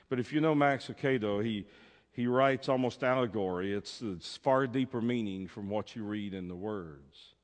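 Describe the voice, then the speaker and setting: A man preaching in a church sanctuary, at a middle pitch for a man. He delivers the sermon with theatrical flair, booming one moment and dropping to a near hush the next, and a long reverb trails every phrase. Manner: theatrical, swinging from loud proclamations to hushed asides. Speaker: pastor. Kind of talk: sermon with dramatic storytelling.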